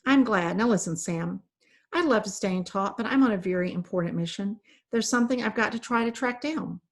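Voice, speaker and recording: Woman voicing Ophelia, a brisk impatient fairy. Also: medium pitch, natural voice. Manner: brisk and impatient, quick to snap. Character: brisk, impatient young fairy girl on a mission.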